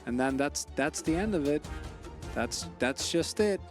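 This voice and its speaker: Playful, high-voiced male esports co-caster. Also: expressive, measured pace, soft background music. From Netherlands. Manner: playful, joking banter. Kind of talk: color commentary.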